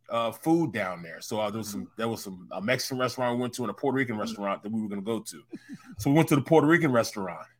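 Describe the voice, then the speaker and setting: A middle-aged man co-hosting a sports talk show, telling a story with animated, joking exasperation. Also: medium pitch. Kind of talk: casual sports talk banter.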